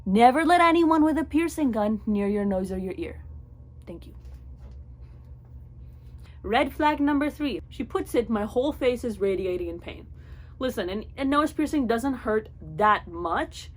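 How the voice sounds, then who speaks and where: A young woman telling a storytime vlog story in an animated way, acting out the voices of the people in it. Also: on the high side, measured pace. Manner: animated, acts out voices in her stories. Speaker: vlogger.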